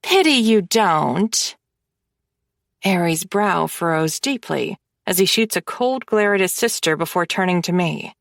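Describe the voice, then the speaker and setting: A woman narrating a first-person romance audiobook in an expressive, wry manner on a close microphone. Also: lowish voice, moderate pace, creaky, few pauses, no room sound.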